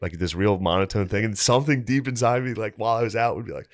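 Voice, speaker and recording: A man's voice: huge pitch swings, fairly quick, hardly any pauses, no echo. A man co-hosting a podcast in casual chat, telling stories, laughing often and acting out quotes. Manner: laughs often, acts out quotes in a jumpy high voice. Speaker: podcast co-host.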